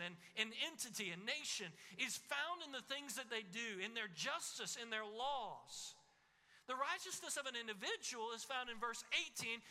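Bright-voiced preacher man in echoing hall. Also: high voice. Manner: preaching with emphatic repetition, rising and falling. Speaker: pastor. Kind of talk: sermon. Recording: long hall reverb.

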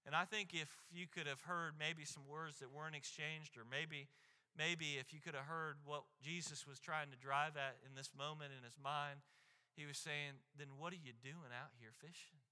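A man's voice: fairly high pitch, little pitch movement, moderate pace, bright, forceful tone, clear, resonant tone, long reverb tail. A man preaching a sermon as a pastor, telling stories earnestly, often repeating and restarting words, and asking the crowd "right?".

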